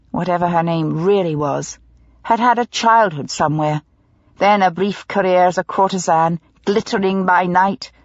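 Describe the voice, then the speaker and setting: Husky-voiced woman narrating a mystery. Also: lowish voice, no echo, muffled recording. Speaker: audiobook narrator. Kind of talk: scripted narration.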